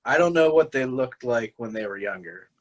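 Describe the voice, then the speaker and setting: A man's voice: mid-range voice, expressive, normal speed, rough recording. A young man co-hosting a casual podcast, rambling and swearing a lot, often restarting his sentences. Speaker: podcast co-host. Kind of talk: casual chat.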